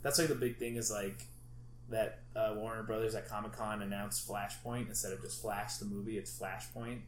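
A man chatting casually, retelling a comic story in a rambling, excitable way with lots of fillers and swearing. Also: lowish voice, normal speed. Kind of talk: casual chat. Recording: echoey room with faint background noise.

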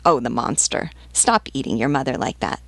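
A woman's voice: a bass voice, expressive, moderate pace, creaky, no echo, full character voice. A woman voicing a talkative, outspoken woman who serves drinks to soldiers. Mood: friendly. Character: chatty, bold woman canteen-keeper with soldiers.

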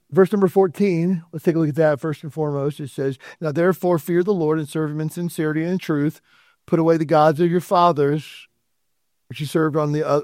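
A man's voice: a little high, darkish tone, no room sound, clean studio sound. A man preaching a sermon in a church, talking directly to the congregation in a conversational way. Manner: conversational preaching with asides and quoted dialogue. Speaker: pastor. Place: church sanctuary.

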